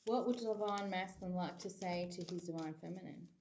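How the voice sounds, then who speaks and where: A woman's voice: on the low side, fairly quick, vocal fry, muffled recording, noisy background. Chatty woman giving a psychic reading. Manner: rambling and chatty, full of "you know". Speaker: psychic tarot reader. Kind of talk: casual tarot reading to camera.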